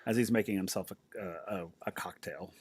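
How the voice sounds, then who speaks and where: A man's voice: deep voice, a little fast, noisy background. A man narrating a tabletop game as game master, chatty and rambling as he describes the scene. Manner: chatty, rambling, many fillers and restarts.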